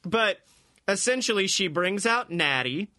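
Male podcast co-host, high bright voice, excitable, laughs a lot, acts out what people said. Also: a little slow. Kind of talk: casual chat.

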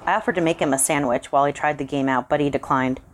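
Low-voiced woman reading a horror story. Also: fast talker. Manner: calm first-person narration.

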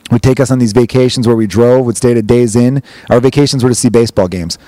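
A man's voice: mid-range voice, fast, mellow, no echo. A man in his thirties from Chicago, chatting casually on a podcast, rambling and swearing as he acts out scenes from a story. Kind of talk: casual chat, animated storytelling.

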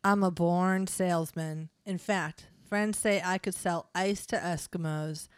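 A woman's voice: on the low side, fairly even intonation, clear, resonant tone, dry recording, natural voice. A woman reading the part of a sly male devil applying for a job, full of suggestive puns. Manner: suggestive, punning, slow and drawling. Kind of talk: reading a comedy script aloud.

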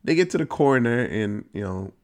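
A man giving a casual, profane recap of a horror movie, telling it in an animated way with sudden jumps in pitch. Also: a little fast. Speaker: movie reviewer.

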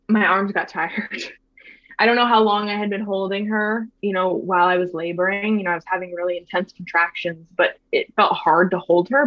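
A woman in her thirties telling her own birth story in a soft, reflective way, with lots of fillers and restarts. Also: medium pitch, dry recording. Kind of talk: casual personal storytelling. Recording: slightly dull, dry sound.

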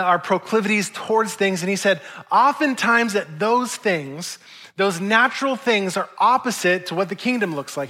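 A male pastor preaching a sermon in a conversational, humorous and animated way. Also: high-pitched.

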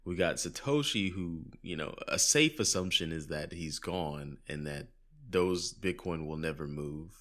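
A man's voice: sits low, a little slow, fairly bright tone. A man co-hosting a podcast in casual chat, musing aloud and asking open questions. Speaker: podcast co-host.

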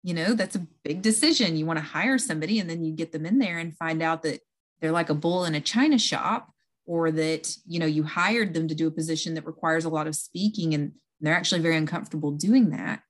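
A woman's voice: deep voice, brisk. A woman talking casually and earnestly, explaining things step by step with a self-aware touch.

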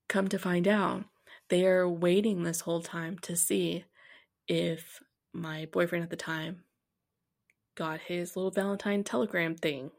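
A woman's voice: lowish voice, steady tone, moderate pace, gravelly. A young woman, a podcast host telling her own story candidly and bluntly, laughing now and then. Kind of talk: personal storytelling.

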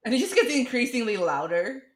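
Animated woman chatting in an echoey room. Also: on the high side, brisk. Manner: animated, laughing, acts out scenes. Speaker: podcast co-host. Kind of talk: casual movie reaction chat.

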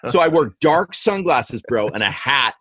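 A man from Western Canada, a guest author telling lively, slangy stories in a casual interview. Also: mid-range voice, unhurried, breathy edge, no echo. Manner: animated, slangy, says "bro" and "man". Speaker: guest, author and former comedian.

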